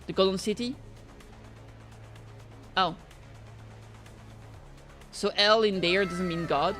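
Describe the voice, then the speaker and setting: A woman streaming a game, chatting in an excitable, rambling way, swearing and reading game lines aloud. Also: medium pitch, slow pace, pauses often, faint music behind. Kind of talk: casual gameplay chat.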